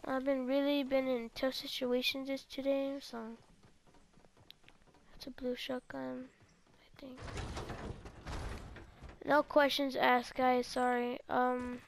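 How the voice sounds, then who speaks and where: A woman's voice: high voice, flat delivery, slow pace, vocal fry, long pauses. A teenage girl giving casual, rambling gameplay commentary and talking straight to her viewers. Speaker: gaming video creator.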